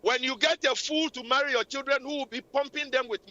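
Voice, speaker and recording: A woman's voice: high voice, steady tone, brisk, bright, forceful tone. A woman hosting a radio talk show, scolding and preaching relationship advice in a repetitive, impassioned way. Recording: lo-fi radio recording.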